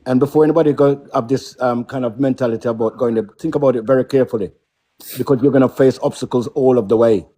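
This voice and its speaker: A man's voice: mid-range voice, fast talker, mellow. A middle-aged man with a Caribbean accent, talking emphatically as a guest on a casual live stream, often checking in with "yeah?" and "right?".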